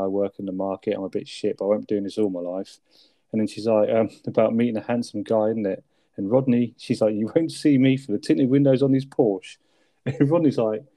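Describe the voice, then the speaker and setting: A podcast co-host with a dark-toned voice chats casually about a sitcom episode, recorded with no echo. He laughs a lot and acts out lines in squeaky voices.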